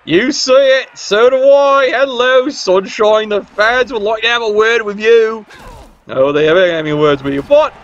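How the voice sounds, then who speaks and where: A man's voice: high voice, a little slow, dull audio. A man giving casual, sarcastic play-by-play commentary on a video game match. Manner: cheeky, sarcastic banter.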